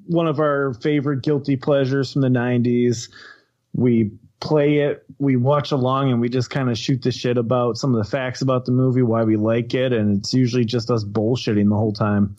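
A man's voice: medium pitch, level tone, normal speed, a little mellow, dull audio. A man guesting on a podcast, plugging his own show and apologizing with nervous laughs. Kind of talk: casual podcast banter.

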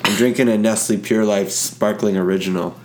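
Young Ontario guy, slightly low voice, loose and chatty co-host who swears freely. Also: fairly even intonation, a little fast, a little hiss or hum. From Ontario, Canada. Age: young adult. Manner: rambling storyteller, swears casually, laughs. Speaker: podcast co-host. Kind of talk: casual podcast chat.

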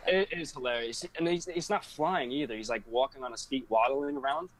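A young man talks easily as a guest in a casual chat. His voice sits at a middle pitch, and his stories come out relaxed, with small laughs along the way. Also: fairly quick, low-quality recording. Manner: easygoing, laughs while telling stories.

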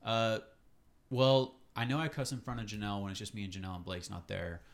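A man co-hosting a casual faith podcast, speaking softly and hesitantly, mostly agreeing. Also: lowish voice, steady tone, fast talker. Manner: soft-spoken, hesitant, agreeable. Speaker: podcast co-host.

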